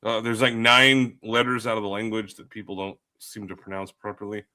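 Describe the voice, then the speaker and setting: A man's voice: fairly low pitch, little pitch movement, a little fast, sharp tone. A man telling a story on a panel in casual chat, crude and sarcastic.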